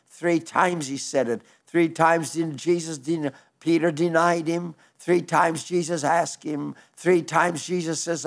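A male pastor preaches with fervent, rhythmic repetition, building his points line by line. His voice sits slightly high and carries a gravelly rasp. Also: fairly even intonation, unhurried. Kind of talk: sermon.

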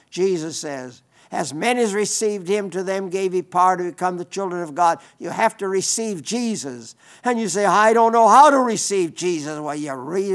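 A man preaching a sermon, reading scripture with emphasis and leading a quiet prayer. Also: on the high side, creaky.

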